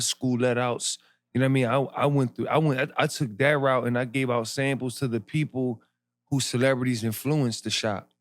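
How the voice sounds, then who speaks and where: A man, a podcast guest telling his story in animated street slang. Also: mid-range voice, no room sound. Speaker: podcast guest, clothing brand founder. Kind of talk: casual interview storytelling.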